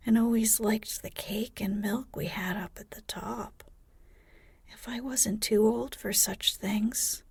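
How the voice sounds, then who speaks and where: A woman voicing an earnest twelve-year-old girl in a soft, breathy whisper, as whispered role-play. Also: medium pitch, no room sound. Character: young girl Amy, twelve, earnest and a little vain.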